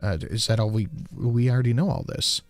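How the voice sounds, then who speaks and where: A man's voice: mid-range voice, brisk, a little mellow, dry recording. Man, live stream host, sarcastic, casual, swears, dry close sound, faint music.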